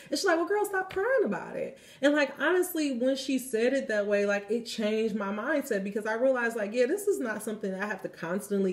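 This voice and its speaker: A woman's voice: medium pitch, darkish tone. A young woman, a tarot reader telling a story in a chatty, casual way, full of "like" and "you know", with the odd swear word. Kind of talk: casual spiritual vlog talk.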